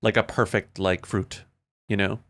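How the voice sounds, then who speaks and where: A man with a somewhat low voice talks as a podcast guest. He muses his way through his answers in hesitant fits, full of fillers and restarts. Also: level tone, unhurried, fairly bright tone. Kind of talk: casual chat.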